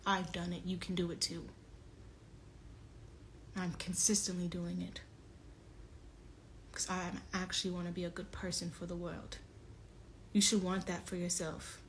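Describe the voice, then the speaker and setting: A young woman talks into her phone on a livestream in a low, level voice that stays flat. She is earnest and pointed, confronting someone directly before softening into pleading. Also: fairly quick, slight background noise. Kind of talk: emotional livestream monologue.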